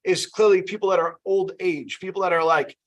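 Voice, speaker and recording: A man's voice: sits high, a little fast. A man running a casual sales training session, chatty and loose, often checking in with "you know" and "right?". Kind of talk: casual team training talk.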